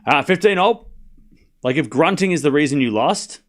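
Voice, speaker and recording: A young Australian man with a fairly high, expressive voice hosts a casual tennis watchalong at a moderate pace. Rambling and chatty, he slips score calls in among his asides.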